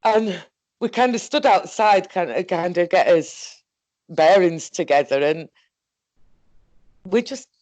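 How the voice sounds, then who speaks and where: A woman with a Northern English accent telling a story in a casual, halting, rambling way, swearing often. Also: on the low side, darkish tone, no room sound. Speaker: guest recounting an experience.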